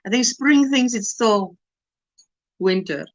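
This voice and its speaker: This South African woman, hosting a relaxed livestream, slowly reads out viewers' comments and weather updates while greeting people by name. The recording sounds muffled, and her somewhat high voice is animated.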